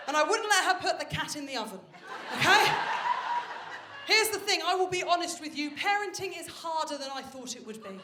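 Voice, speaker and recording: A woman performing a stand-up comedy set on stage, telling stories in a brash, animated way with plenty of swearing. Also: very high-pitched, brisk. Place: stage of a live comedy venue. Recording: roomy live venue with faint noise. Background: audience laughter.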